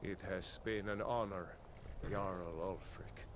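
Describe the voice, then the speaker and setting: A man's voice: low-pitched, steady tone, slow pace, a crowd in the background. An actor playing a weary, stoic male rebel soldier in a video game, speaking solemnly. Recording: game audio under loud noise.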